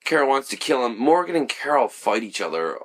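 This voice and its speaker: A man's voice: mid-range voice, very animated, fairly quick, a bit bright. A young man in casual, rambling chat, swearing freely and laughing often.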